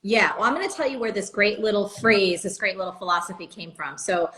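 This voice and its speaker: Animated woman telling a story on a call. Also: medium pitch, fairly quick, rough recording. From New Jersey. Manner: animated storyteller, acts out quoted lines. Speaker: guest entrepreneur. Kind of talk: storytelling in a live video chat. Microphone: video call.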